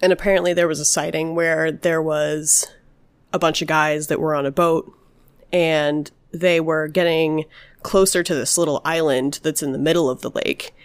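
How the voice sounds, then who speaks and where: Low-voiced woman rambling through spooky stories. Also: steady tone, normal speed, clean tone. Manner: rambling, lots of "like" and "obviously". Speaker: podcast host telling paranormal stories. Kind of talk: casual storytelling chat.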